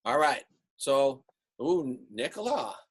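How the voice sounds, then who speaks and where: A man teaching an online art class over a video call, relaxed and rambling with many fillers. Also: mid-range voice, slow pace, slightly rough. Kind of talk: online class lecture and critique.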